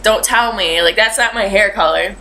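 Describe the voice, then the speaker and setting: A woman's voice: medium pitch, normal speed, pushed and bright, slight background noise, rough recording. A young adult woman vlogging in a chatty, rambling way, with lots of fillers as she tells a story. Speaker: beauty vlogger. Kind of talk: casual chat.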